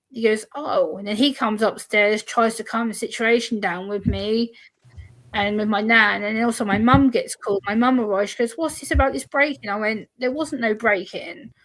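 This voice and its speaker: A woman, a guest on a video-call chat, telling a personal story and acting out the other people's voices. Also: a little high. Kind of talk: casual chat.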